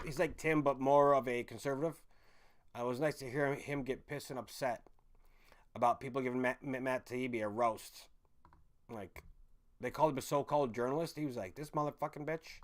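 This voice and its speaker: A man chats loosely to a live audience, circling back and correcting himself as he goes. His talk is off-the-cuff and peppered with swearing, in a mid-range voice. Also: mid-range voice. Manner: rambling, swearing, self-correcting. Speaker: livestream host chatting with viewers. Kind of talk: casual live-chat rambling.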